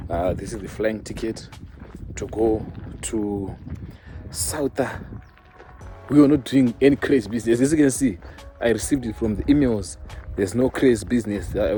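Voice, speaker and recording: A man's voice: on the low side, warm tone. Chatty Zimbabwean man vlogging. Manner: loose and chatty, mixing in Shona phrases. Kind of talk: casual vlog chat. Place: outdoors in a town centre.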